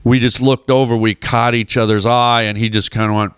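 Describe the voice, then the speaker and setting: Middle-aged guy telling animated show-biz stories, smooth voice, acts out the other people. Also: medium pitch, a little fast, no room sound, studio quality. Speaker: guest actor. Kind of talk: casual storytelling. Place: radio studio.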